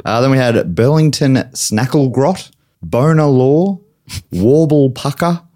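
A man with an Australian accent hosting a comedy game show podcast, playful and quick to laugh. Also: medium pitch, lively intonation, mellow. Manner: playful, laughs often, teasing.

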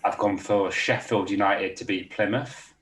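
A man's voice: lowish voice, fairly even intonation, unhurried. A man co-hosting a podcast, chatting casually and jokily about weekend football bets. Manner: laid-back, jokey, calls listener mate. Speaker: podcast co-host. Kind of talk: casual betting tips chat.

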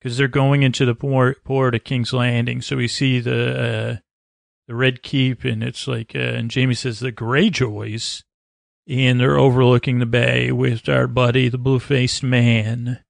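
A man hosting a sleep podcast, recapping a TV episode in a meandering, low-key way that trails off mid-sentence. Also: level tone, a little slow, vocal fry, dry recording, clean studio sound. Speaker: podcast host.

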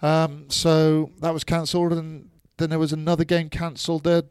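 A man co-hosting a sports podcast, chatting casually with jokey banter and relaxed rugby analysis. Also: a little high, normal speed, clear, resonant tone, dry recording. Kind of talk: casual chat.

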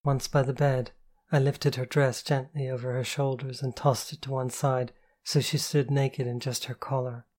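A woman reading a novel aloud in the first person, calm, slow and intimate. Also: rumbling low. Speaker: audiobook narrator.

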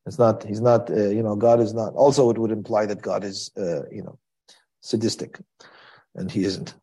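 A man's voice: fairly low pitch, steady tone, moderate pace, dark tone, husky. A man teaching a Torah class in a conversational style, asking rhetorical questions and quoting Hebrew verses.

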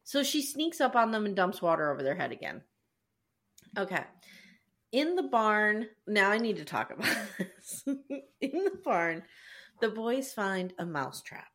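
A woman's voice: mid-range voice, unhurried. A woman co-hosting a podcast, telling a recap in a casual, profane, laughing way. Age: adult with children. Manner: animated, laughing, profane storytelling. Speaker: podcast co-host recapping a show. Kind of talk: casual chat.

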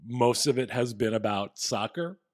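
Casual male podcaster, middle pitch, dry sound, loose rambling delivery. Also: lively intonation, moderate pace, dry recording. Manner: rambling with fillers and restarts. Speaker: podcast co-host. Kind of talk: casual chat.

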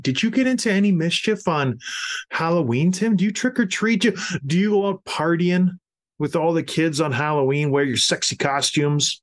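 A man's voice: a little high, normal speed. A man hosting a podcast, chatting casually and telling stories with animation. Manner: animated storyteller. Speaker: podcast host. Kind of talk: casual chat.

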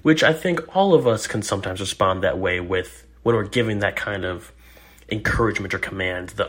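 A man's voice: on the low side, normal speed, a bit bright. A man hosting a solo podcast, talking in an earnest, encouraging and wry way. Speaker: podcast host. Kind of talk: casual solo podcast commentary.

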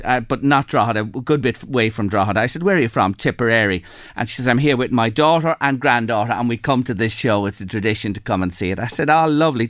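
An Irish man hosting a radio show, telling stories in a chatty, animated way. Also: mid-range voice, quick pace, no room sound, studio quality. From Ireland. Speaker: radio host. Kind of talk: casual radio chat.

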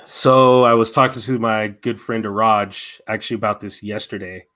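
A man's voice: fairly low pitch, fairly even intonation, normal speed, pushed and bright. A man co-hosting a casual fan chat, talking enthusiastically and rambling with many restarts.

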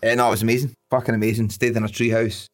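A man's voice: mid-range voice, flat delivery, very fast. Jokey man telling stories. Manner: jokey storytelling, laughs at own puns. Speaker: podcast co-host. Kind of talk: casual chat.

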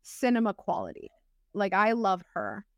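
A woman co-hosting a podcast in casual chat, animated, with quick laughs and lots of fillers. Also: mid-range voice, no echo, studio quality. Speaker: podcast co-host.

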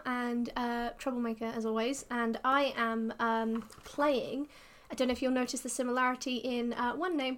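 A woman's voice: high-pitched, a bit bright. A woman player on a tabletop game podcast, rambling with hesitant fillers. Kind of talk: casual podcast chat.

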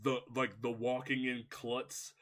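A young man co-hosting a casual movie review podcast, rambling and animated with lots of filler words. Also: medium pitch, takes it slowly. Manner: rambling, heavy use of "like", animated. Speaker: podcast co-host.

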